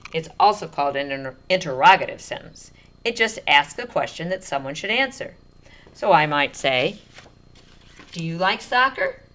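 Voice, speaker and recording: A woman teacher giving a slow, clear writing lesson to young children, speaking in an encouraging way. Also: low voice, a bit bright.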